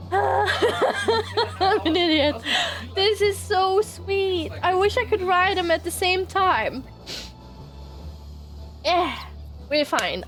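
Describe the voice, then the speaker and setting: Woman streamer, high voice, easy slow delivery, giddy and teary, casual live chat. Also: fairly bright tone. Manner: emotional, laughing, swearing, near tears. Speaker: game streamer.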